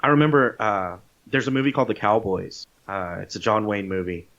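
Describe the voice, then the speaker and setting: Male podcast co-host, lowish voice, casual profane storyteller, dull lo-fi audio. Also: a little fast. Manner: animated storyteller, swears freely, acts out quotes. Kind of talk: casual chat retelling a movie.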